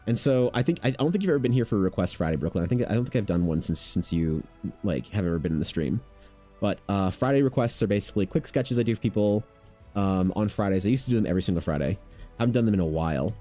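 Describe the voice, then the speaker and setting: A Canadian man with a lowish, mellow voice streams art while chatting casually. He rambles, leans heavily on "like," and swears a lot.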